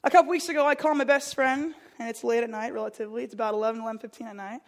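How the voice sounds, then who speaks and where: A woman's voice: a little high, fairly even intonation, very fast. A young woman preaching a conversational sermon, earnest, telling stories and repeating her phrases for emphasis.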